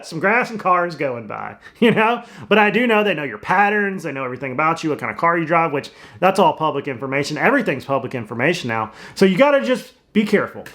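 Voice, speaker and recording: A man's voice: on the high side, sing-song, quick pace, hardly any pauses, a bit bright. A man hosting, giving casual commentary and laughing between points. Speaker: host.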